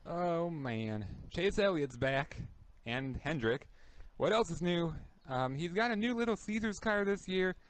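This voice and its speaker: A man co-hosting a casual podcast, ranting in an animated way with stumbles and sudden outbursts. His voice is high for a man and swoops widely. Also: no echo. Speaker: podcast co-host.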